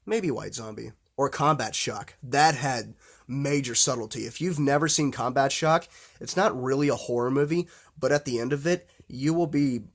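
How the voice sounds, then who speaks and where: A man in mid pitch, talking off the cuff about films he loves. He rambles, trips over restarts and fillers, and swears without a second thought. His enthusiasm keeps pushing him onward. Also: a bit bright. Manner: blunt and profane. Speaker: horror film vlogger. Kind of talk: casual unscripted film talk.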